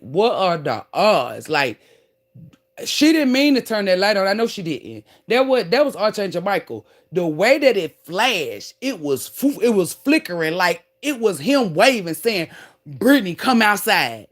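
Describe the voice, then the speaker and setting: A woman telling a profane, animated story straight to her viewers, calling them "y'all" and "baby", with emphatic outbursts. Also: on the low side, measured pace. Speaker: online creator.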